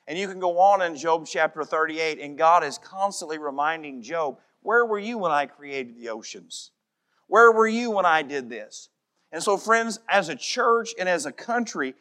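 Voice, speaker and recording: A middle-aged man preaching a sermon as pastor, emphatic, dropping to a soft voice in prayer. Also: sits high.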